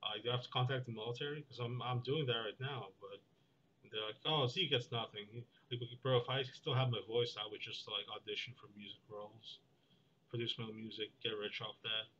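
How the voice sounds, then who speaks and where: A young man rambles to the camera in a deadpan vlog, circling back with filler words and restarts. His voice sounds bright, and the recording is a bit muffled, with a faint hiss behind him. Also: lowish voice, fairly quick. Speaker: vlogger. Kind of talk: rambling monologue.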